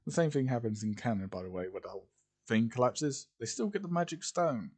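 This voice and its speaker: A man's voice: medium pitch, animated, a little fast, darkish tone, slightly rough. A tired, yawning man casually narrating his own fan story, rambling and apologetic.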